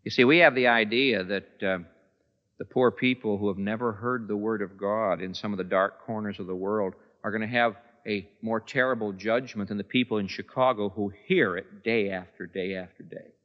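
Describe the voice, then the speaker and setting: A man's voice: fairly low pitch, steady tone, moderate pace. A man preaching a sermon in a large church, emphatic and fond of repeating words for effect. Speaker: pastor. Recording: echoey church hall, dull lo-fi sound.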